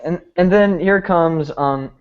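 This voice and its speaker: A young man casually retelling a movie plot for a podcast, rambling with lots of fillers and quick mimicked quotes. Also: fairly high pitch, clean tone. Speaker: podcast host recapping a movie. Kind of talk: casual chat. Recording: lo-fi, muffled audio.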